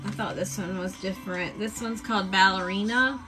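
A woman chatting casually on a live stream, showing off her craft supplies in a drawn-out, enthusiastic way. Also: medium pitch, steady tone, bright, forceful tone, faint music behind, low-quality recording.

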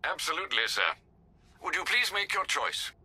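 A loyal older male butler, courteous and dryly witty. His voice is very bright and tense-edged. His pitch moves in lively, well-mannered turns. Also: moderate pace, breathy edge, heavily acted, low-quality recording. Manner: formal, polite, dry wit. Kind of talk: video game dialogue.

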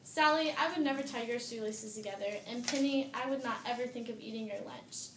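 A woman's voice: a little high, fairly quick, reverberant, background noise, close to an everyday voice. A woman voicing a young boy tiger in a storybook who is tired of being blamed. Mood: aggrieved. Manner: aggrieved.

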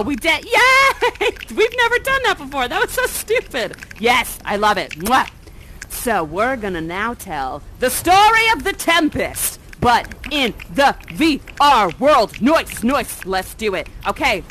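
A woman's voice: mid-range voice, bright, forceful tone, a little hiss or hum, low-quality recording. A woman actor guiding an audience through an interactive performance, talking in a playful, silly and theatrically dramatic way into a headset mic.

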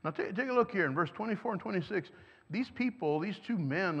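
A man's voice: sits high, expressive, fairly quick, creaky, slightly rough. A man preaching a sermon, earnest and emphatic, often asking his listeners questions. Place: church hall. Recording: dull sound, long reverb in a hall.

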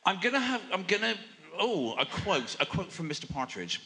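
Bright-voiced Englishman interviewing in an echoing hall. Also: high-pitched, very animated, normal speed. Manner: friendly, self-deprecating. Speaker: interviewer, event co-organiser. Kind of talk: stage interview. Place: on stage at a fan convention, in a hall. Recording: reverberant hall.

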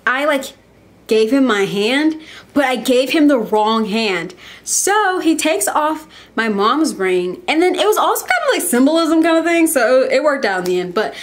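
Young woman, bubbly vlogger, fairly high voice, chatty. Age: young adult. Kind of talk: casual chat to camera.

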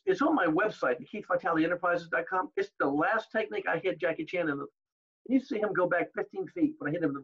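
An older man telling stories as an interview guest, animated, acting out the exchanges he recalls. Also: high voice, breathy edge, highs cut off. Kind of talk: storytelling in an interview.

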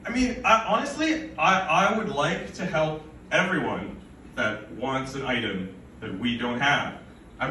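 A man's voice: mid-range voice, expressive, normal speed, bright, forceful tone. Rambling man doing stand-up, roomy far sound. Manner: rambling, absurd, stammering delivery. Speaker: stand-up comedian. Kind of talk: stand-up comedy set. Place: live comedy event venue. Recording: roomy, from far off, faint noise.

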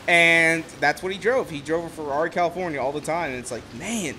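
A young man from Ohio giving casual, rambling commentary while streaming a racing game, getting excitable when telling stories. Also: fairly high pitch, fairly quick, a little hiss or hum. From Ohio, USA. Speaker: gameplay streamer.

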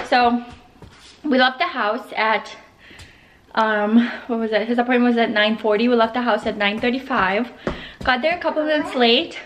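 A young woman's voice, a little high and a bit bright, moves at a normal speed with slight noise in the background. She vlogs as a stay-at-home mom, giving relaxed narration to the camera and coaxing her toddler in a sing-song voice.

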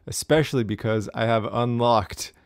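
A man's voice: mid-range voice, moderate pace. A young man chatting casually and upbeat to the camera in a gym, joking about himself and calling people dude. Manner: upbeat, chatty, self-deprecating, says dude. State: out of breath after sets. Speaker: fitness vlogger. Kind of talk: casual vlog chat.

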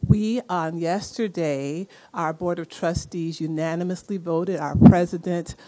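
Brief: woman university executive, lower voice, upbeat event emcee rallying the crowd. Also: fairly even intonation, a little slow, warm tone. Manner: enthusiastic, rallying the audience. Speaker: university senior vice president, event emcee. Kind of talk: event welcome speech. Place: event hall.

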